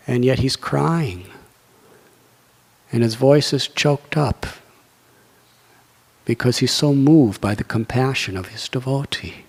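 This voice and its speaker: A man, a monk teaching scripture, giving an earnest devotional sermon in a soft, fervent storytelling manner. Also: medium pitch, a little slow, long pauses, slightly rough. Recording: echoey hall.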